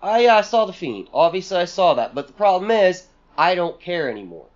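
A man's voice: sits high, sing-song, a little fast, muffled recording. A man co-hosting a podcast, venting in a profane, exasperated rant full of sarcastic mock quotes. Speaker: podcast co-host.

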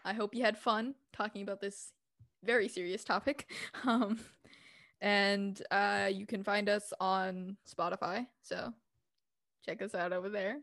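A woman's voice: medium pitch, fairly even intonation, unhurried, fairly bright tone, no echo, clean studio sound. A young woman hosting a casual podcast, chatty and giggly with informal slang. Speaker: podcast host.

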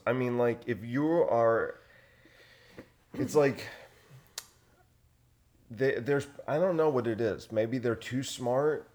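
A man's voice: on the low side, a little mellow. A man hosting a casual podcast chat, rambling and sarcastic, recorded on one handheld recorder. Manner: rambling, sarcastic, restarts his sentences. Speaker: podcast host. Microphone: single handheld recorder.

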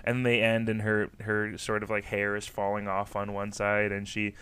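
A man's voice: on the low side, completely flat delivery, moderate pace, fairly bright tone, clear, resonant tone. A man co-hosting a comedy podcast, riffing on jokes and spinning long absurd stories in casual chat. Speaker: podcast co-host.

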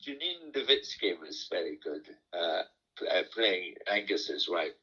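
A man's voice: sits low, sing-song, unhurried, slightly rough, dull audio. A man as a podcast guest who played in the sitcom being discussed, answering in brief remarks. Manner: brief warm interjections. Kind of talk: casual interview chat.

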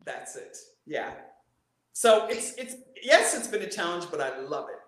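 A woman's voice: moderate pace, echoey room. A woman voice coach talking expressively as an interview guest, demonstrating with her voice. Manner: expressive, demonstrative, big pitch swings. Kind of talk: animated interview talk.

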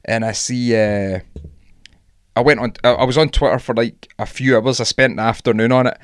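A man's voice: medium pitch, steady tone, normal speed, no echo, studio quality. A young Scottish man co-hosting a podcast, ranting animatedly in casual sweary chat. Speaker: podcast co-host.

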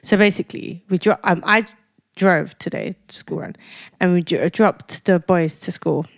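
A woman's voice: lowish voice, moderate pace, vocal fry. A woman co-hosting a casual podcast, telling stories with mock exasperation. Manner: animated storyteller, mock-exasperated. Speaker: podcast co-host. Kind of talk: casual chat.

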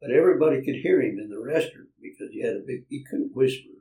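Fast-talking and expressive, an older man with a warm, mid-range voice recounts folksy anecdotes from his life as a land developer, acting out the people and chuckling along. It's an interview, picked up by a mic far away in a roomy space.

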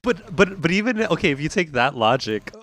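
A man's voice: a little high, very animated, a little fast, fairly bright tone. A man co-hosting a casual podcast, rambling and laughing often as he chats with friends. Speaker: podcast co-host. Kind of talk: casual banter.

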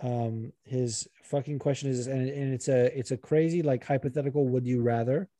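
A man co-hosting a casual podcast who rambles along, swears freely and gets animated. His voice is warm and mellow. The recording is dry and close. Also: mid-range voice, moderate pace, no echo. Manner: rambling, profane, animated, puts on regional accents. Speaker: podcast co-host. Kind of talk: casual chat.

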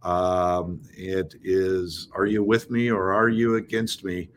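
Low-voiced man, measured and reflective. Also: little pitch movement, a little hiss or hum. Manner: measured, reflective, with many fillers. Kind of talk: casual political chat.

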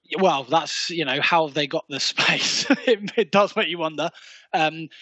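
A man co-hosting a casual sports podcast, briskly listing a team's strengths and flaws. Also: fairly high pitch, pushed and bright, no room sound. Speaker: podcast co-host. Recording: dull lo-fi sound.

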